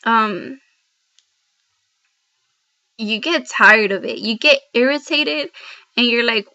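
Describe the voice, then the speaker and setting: A woman's voice: fairly high pitch, slow, long pauses, bright, forceful tone. A woman speaking to camera in an earnest devotional vlog, heartfelt and rambling, addressing viewers directly. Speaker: Christian vlogger. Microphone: laptop built-in mic. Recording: dull lo-fi laptop audio.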